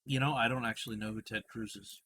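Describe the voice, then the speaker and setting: A man's voice: medium pitch, steady tone, fast, bright, forceful tone, slightly rough. A man hosting a casual podcast chat, retelling a TV scene in a rambling, storytelling way. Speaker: podcast host.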